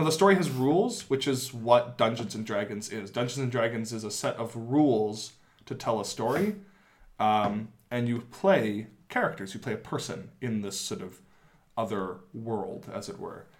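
A man's voice: medium pitch, a little hiss or hum. Chatty man explaining with many ums. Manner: explains at length with many ums and uhs, laughs often. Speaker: podcast co-host. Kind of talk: casual podcast chat.

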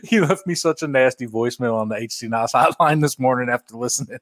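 A man co-hosting a podcast, animated and emphatic in casual banter. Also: mid-range voice, fast, hardly any pauses, no echo. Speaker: podcast co-host.

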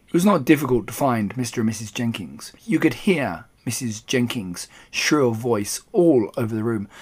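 A man narrating a children's storybook aloud in an expressive, animated way. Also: mid-range voice, moderate pace, hardly any pauses, breathy edge. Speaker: audiobook reader.

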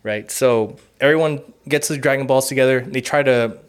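A man of ordinary middle pitch telling a long story in casual chat. He rambles freely, swears often and leans on "like" and "you know" between thoughts. His tone stays loose and unscripted. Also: normal speed, clean tone. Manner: rambling, profane, heavy use of "like" and "you know". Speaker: podcast co-host.

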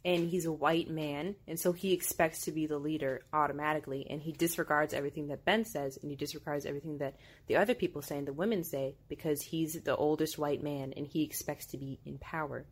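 Chatty young woman with a lowish voice. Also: fast talker, slightly rough. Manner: chatty, filler-heavy, animated. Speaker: movie commentator. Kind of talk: casual watch-along commentary.

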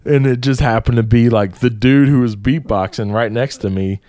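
A man's voice: mid-range voice, normal speed, dry recording. Male storyteller, casual, salty language, dry close sound. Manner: profane, animated storytelling with frequent swearing.

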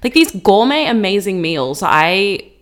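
A young woman, co-hosting a podcast in casual, animated chat and laughing often. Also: medium pitch, unhurried. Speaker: podcast co-host.

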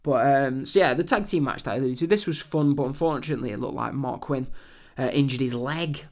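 A young English man with a mid-range voice hosts a wrestling podcast, speaking briskly. He recaps a show in a casual review, chatty and rambling, with plenty of ums.

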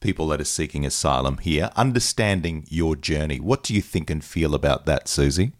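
A man's voice: a bass voice, animated, a little fast. A man interviewing a guest, asking probing questions and often restarting his sentences.

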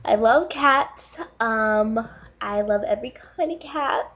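A woman making a dating video, gushing in halting, trailing sentences while on the verge of tears. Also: a little high, a bit bright, slight background noise. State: tearful, on the verge of crying. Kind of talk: emotional self-introduction video.

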